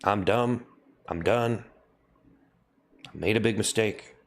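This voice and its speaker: A man on a live stream offers a mock-solemn apology into a webcam, his low-sitting voice slow and deadpan. He keeps repeating the same confessions again and again.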